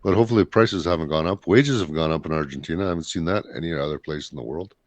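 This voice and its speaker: A man's voice: extremely low pitch, fast talker, dry recording. A man from Canada hosting a casual talk show, blunt and rambling in his opinions. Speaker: podcast host. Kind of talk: casual chat.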